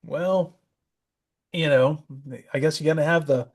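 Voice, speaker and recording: A man co-hosts a podcast, chatting casually about a comic, rambling a bit and chuckling often. His voice is fairly high and a little slow.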